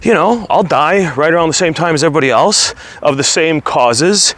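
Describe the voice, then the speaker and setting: A man vlogging candidly about his weight, earnest and halting. He is slightly out of breath from walking while he talks. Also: fairly high pitch, expressive, a bit bright. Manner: earnest, halting, restarts words while opening up. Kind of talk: candid confessional vlog.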